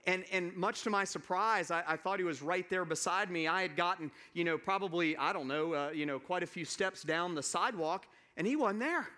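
A male pastor from the American South, with a high voice, preaches a sermon by telling a personal story. He speaks in a relaxed, conversational way, with halting restarts and asides to the congregation.

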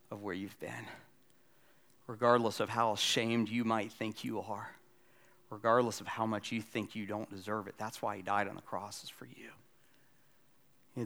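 A man in his forties preaching a sermon as pastor, moving between loud, lively storytelling and quiet, almost whispered appeals. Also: lowish voice. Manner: swings from loud excited storytelling to hushed, near-whispered pleading.

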